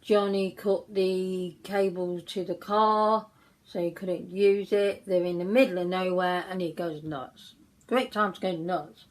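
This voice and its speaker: A woman's voice: fairly low pitch, steady tone, unhurried, low-quality recording. A woman chatting casually while doing her makeup, telling a story in a rambling way with many restarts. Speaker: beauty vlogger.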